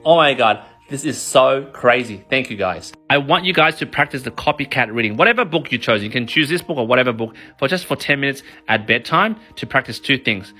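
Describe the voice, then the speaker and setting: A man, giving an energetic, emphatic motivational talk about parenting. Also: mid-range voice. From Australia. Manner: energetic, emphatic, animated storytelling. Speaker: parenting and kids' finance author.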